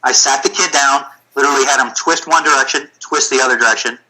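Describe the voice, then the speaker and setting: A middle-aged man, a physical therapy clinic owner, telling stories in a casual, animated way. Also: medium pitch, fast, low-quality recording. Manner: animated, storytelling with acted-out quotes. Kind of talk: casual storytelling chat.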